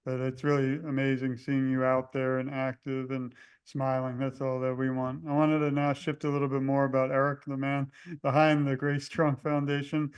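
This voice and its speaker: A man's voice: mid-range voice, monotone, moderate pace, clear, resonant tone. A man hosting an interview, asking questions in a supportive way and laughing often with his guest. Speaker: podcast host.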